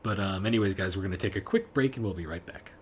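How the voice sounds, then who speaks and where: Man, podcast co-host, extremely low voice, casual chat, blunt and dismissive, faint background hiss. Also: fast talker. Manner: blunt, dismissive opinions with frequent restarts.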